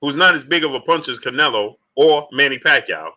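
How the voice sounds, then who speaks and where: A man's voice: medium pitch, fairly quick. A man hosting a live-streamed sports talk show, arguing his points with emphatic repetition and greeting chat viewers by name. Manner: animated, rhetorical, repeats points emphatically.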